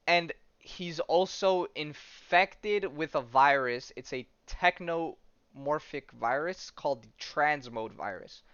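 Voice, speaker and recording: A man's voice: on the high side, expressive, slow pace, a bit bright, smooth, no echo. A man hosting a podcast in casual chat, rambling with many fillers and restarts. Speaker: podcast host. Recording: dull, dry sound.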